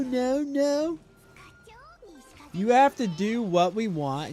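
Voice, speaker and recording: High, lively man ranting with crude jokes. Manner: crude, mocking rants with bursts of laughter. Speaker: streamer host. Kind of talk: casual livestream chat.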